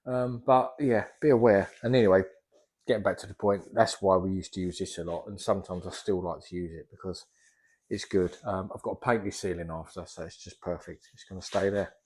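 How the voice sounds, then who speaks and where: A man's voice: deep voice, fairly even intonation, a little fast, a little mellow, husky. A middle-aged man, a plasterer chatting casually in a vlog as he works and rambling off topic. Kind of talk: casual vlog talk while working.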